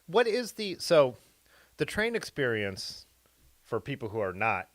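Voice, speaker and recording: A man's voice: mid-range voice, wildly swooping pitch, measured pace, no echo. A man hosting a casual live stream who rambles through long questions in a conversational way. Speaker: host. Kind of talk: casual chat.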